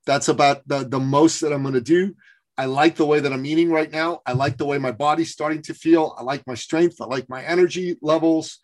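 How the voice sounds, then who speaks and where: A man in his fifties hosts a podcast in a casual, earnest way. His voice sits slightly high for a man, and he pauses often with small fillers while thinking aloud. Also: steady tone. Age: 50s. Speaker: podcast host. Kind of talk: casual interview chat.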